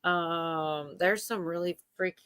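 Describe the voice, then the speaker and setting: A woman host chatting casually on a late-night livestream, wandering from point to point with lots of ums and likes and frequent laughter. Her voice sits a bit low and the sound is close and dry. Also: takes it slowly, fairly bright tone, clear, resonant tone, no room sound. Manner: rambling, laughs often, many fillers. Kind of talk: casual chat.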